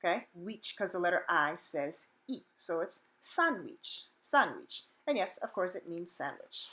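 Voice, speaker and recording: A woman's voice: fairly low pitch, normal speed, fairly bright tone. A woman teaching a pronunciation lesson in an upbeat, encouraging and playful way, close to the mic. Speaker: Spanish teacher. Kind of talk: video lesson.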